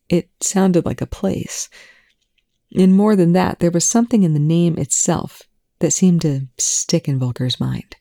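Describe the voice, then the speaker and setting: A story reader narrating fan fiction at a steady, measured pace. The voice is mellow and dark. The recording is close and dry with no room sound. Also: medium pitch, creaky, no room sound. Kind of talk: audiobook-style fan fiction reading.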